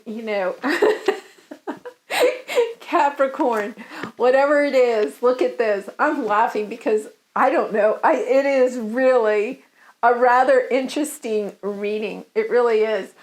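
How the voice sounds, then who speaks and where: A woman's voice: fairly high pitch, a little slow. A woman giving a casual tarot love reading, chatty and giggly, with many fillers. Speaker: tarot reader.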